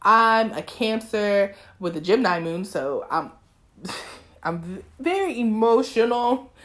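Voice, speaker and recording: A woman's voice: medium pitch, a bit bright. A woman in her twenties from East Texas hosting her own podcast in casual, talkative chat, slipping into bursts of preaching. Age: 20s. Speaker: podcast host.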